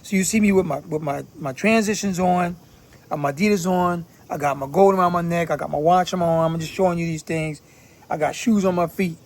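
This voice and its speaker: Brisk and fairly high-pitched, this Philadelphia man hosts a channel and offers casual commentary. He's blunt, and his talk is full of profane street slang.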